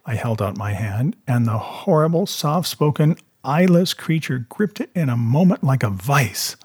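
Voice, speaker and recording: Husky-voiced man narrating a novel with steady, measured delivery. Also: mid-range voice, no room sound, clean studio sound. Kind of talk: reading a novel aloud.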